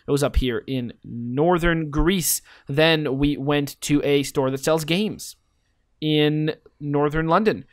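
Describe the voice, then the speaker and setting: A man's voice: on the high side, dry recording. Man musing aloud over a game, dry sound. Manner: rambling, muses aloud with playful questions. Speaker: game commentator. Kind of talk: casual let's-play commentary.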